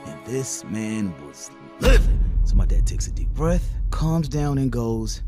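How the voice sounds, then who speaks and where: A man narrating his own childhood story for an animated storytime, dramatic and animated. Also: medium pitch, measured pace, few pauses. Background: background music.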